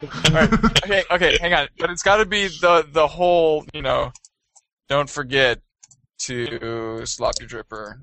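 A man co-hosting a casual podcast, excitable and rambling, who sometimes slips into squeaky joke voices. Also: normal speed, no room sound. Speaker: podcast co-host. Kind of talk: casual chat.

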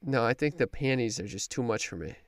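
A man hosts a casual podcast chat, blunt and quick to swear when he's challenged. The sound is dry and close, with no room around it. He talks at an ordinary pitch in a plain studio setup. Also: expressive, no echo. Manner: blunt, swears freely, defensive. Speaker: podcast host. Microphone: podcast studio mic.

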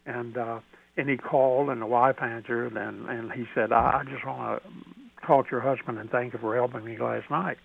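An older man with a Southern American accent, telling a story as a radio guest in a folksy, halting way with many restarts. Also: medium pitch, steady tone, creaky, breathy edge. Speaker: podcast host, radio guest. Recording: dry tinny phone line.

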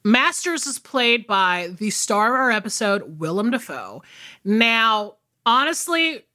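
A woman talks through a movie on her podcast in loose, rambling chat, full of "you know" and "like." Her voice is bright and her pitch swings widely. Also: sing-song, slow pace. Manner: rambling, many fillers. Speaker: podcast co-host.

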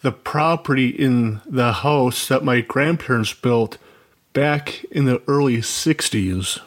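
Taking his time in a medium-pitched voice, a caller from Minnesota phones a radio show to share a story. He tells it earnestly, rambling with plenty of asides.

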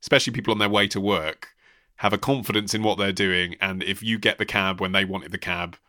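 A man co-hosting a podcast, explaining things in a quick, emphatic, chatty way. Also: deep voice, steady tone, bright, forceful tone, no echo, studio quality. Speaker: podcast co-host. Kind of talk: casual chat.

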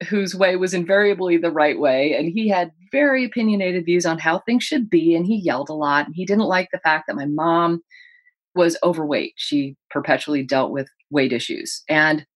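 A woman with a lowish voice tells her own story in an interview. She speaks earnestly and paints the moments vividly for the listener. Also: moderate pace. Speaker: guest, author.

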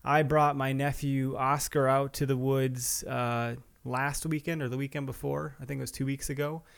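Guy in his 30s rambling thru a podcast intro, kinda gravelly, lots of uhs and ums. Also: mid-range voice, little pitch movement, normal speed. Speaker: podcast host. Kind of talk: casual solo podcast intro.

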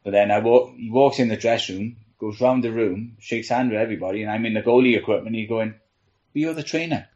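Chatting casually on a podcast panel, a team trainer rambles through stories with plenty of laughs and "you know". He talks fast in a lowish, darkish, steady voice with hardly any pauses, and the sound is lo-fi.

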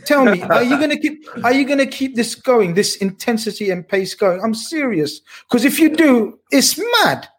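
A man hosting a casual football chat, talking in an animated, slangy, emphatic way. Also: very high-pitched, normal speed, hardly any pauses, slightly rough. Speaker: podcast host.

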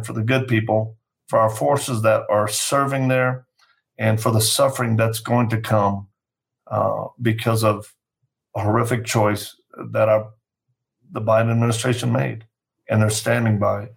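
A man speaking as a podcast guest, measured and earnest, often restarting his sentences. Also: on the low side, creaky.

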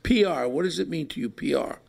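A man's voice: fairly high pitch, expressive, brisk, creaky, a little mellow. A brash, joking man with a New York accent hosting a podcast in casual chat. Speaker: podcast host.

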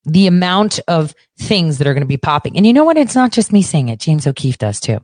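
A woman's voice: low-pitched, very animated, brisk, darkish tone, no room sound. A woman hosting a talk show, ranting bluntly and sarcastically, with plenty of swearing. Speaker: podcast host. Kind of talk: ranting monologue.

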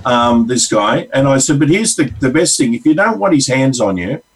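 A man's voice: mid-range voice, expressive, moderate pace, husky, recorded from a distance, low-quality recording. A man with an Australian accent, a regular counselor on a radio show, telling rambling stories with acted-out quotes. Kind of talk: casual on-air storytelling.

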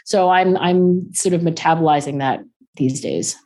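A woman in her forties with a somewhat low voice talks as a guest on an interview show. She speaks briskly and loosely, with plenty of "like" and "um", and she often acts out bits of conversation. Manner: animated, acts out quoted dialogue in raised voices; fast-talking with frequent "like" and "um".

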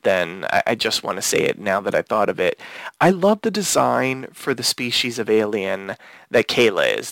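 A man's voice: mid-range voice, fairly bright tone, no echo. A man hosting a casual podcast discussion, rambling with frequent restarts and fillers. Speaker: podcast host.

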